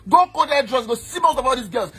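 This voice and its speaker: A man with a Nigerian accent, mixing Pidgin and Yoruba, ranting loudly and boastfully, now and then shouting or slipping into a sing-song. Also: very high voice, lively intonation, brisk, breathy edge. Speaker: eyewitness in a played clip. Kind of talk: heated rant.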